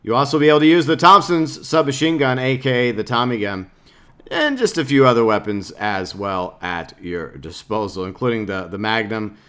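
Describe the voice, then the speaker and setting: A man's voice: mid-range voice, lively intonation, normal speed, sharp tone, smooth. A man, a gaming YouTuber, casually breaking down a game trailer with jokes and lots of filler words. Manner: rambling, joking, lots of fillers.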